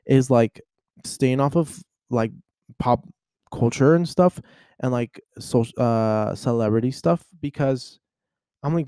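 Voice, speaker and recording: Young male podcast host, casual storyteller, mid-pitched, dry close sound. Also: measured pace, no echo. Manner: animated storyteller, acts out voices. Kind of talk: casual chat.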